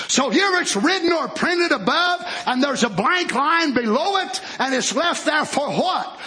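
High, bright-voiced preaching pastor. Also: male voice. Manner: preaching with rising shouts and drawn-out words. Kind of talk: sermon.

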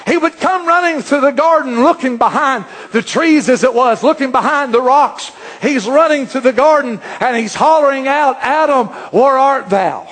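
A man preaching a fervent sermon, often rising to shouts. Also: extremely high pitch, moderate pace, hardly any pauses.

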